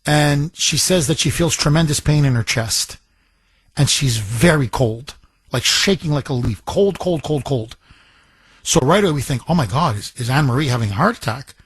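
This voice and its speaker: Fired-up talk radio guy, kinda husky, dry close mic, a bit high for a man. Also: a bit bright, no room sound. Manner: impassioned, repeats himself when worked up. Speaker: radio talk show host.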